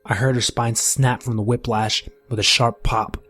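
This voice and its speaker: A man reading a first-person horror story in a measured, grim storytelling manner. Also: mid-range voice, level tone, fairly bright tone. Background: faint music.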